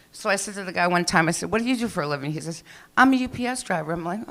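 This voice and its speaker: A woman's voice: on the low side, rapid-fire, fairly bright tone. A middle-aged woman doing rambling open-mic stand-up on a small club stage, swearing and acting out the people in her stories. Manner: chatty, rambling, swears, acts out quoted people. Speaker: stand-up comedian.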